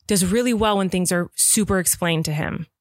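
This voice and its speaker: A woman's voice: lowish voice, no room sound. Young woman on a podcast, talks a lot, dry close sound. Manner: talkative, animated, quick asides. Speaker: podcast co-host. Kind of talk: casual chat.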